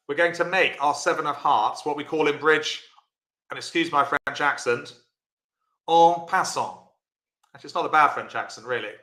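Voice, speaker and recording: A man's voice: a little high, bright, forceful tone, echoey room. A man teaching a live-streamed bridge lesson, chatty and encouraging, answering viewers by name.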